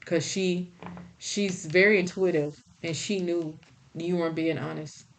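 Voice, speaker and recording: Blunt low-voiced woman tarot reader. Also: fairly even intonation, a little slow. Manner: blunt, scolding, folksy. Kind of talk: spiritual tarot reading.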